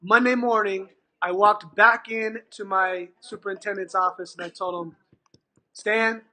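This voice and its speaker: With a high voice and a measured pace, a middle-aged man from California shares a story as a guest, animatedly performing the quoted dialogue. He runs an after-school program and frequently starts his sentences over.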